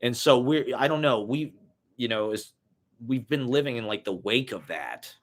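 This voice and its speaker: A man's voice: mid-range voice, expressive, moderate pace. A young man talks off the cuff in a mid-range voice, drifting from thought to thought. His speech is loose and profane, thick with "like" and "you know". It sounds like a casual solo vlog. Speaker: vlogger. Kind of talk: casual rambling monologue.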